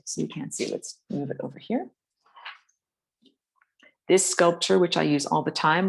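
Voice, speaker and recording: Low-voiced woman with a gravelly edge. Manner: casual, rambling instruction with many fillers. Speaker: art and spirituality teacher. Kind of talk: live-streamed drawing lesson. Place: home art studio. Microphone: phone camera.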